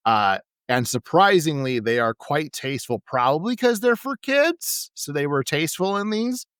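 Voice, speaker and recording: A man co-hosting a casual podcast, retelling wrestling promos in an animated way and laughing often. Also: on the high side, normal speed, smooth, no echo. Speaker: podcast co-host. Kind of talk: casual recap chat.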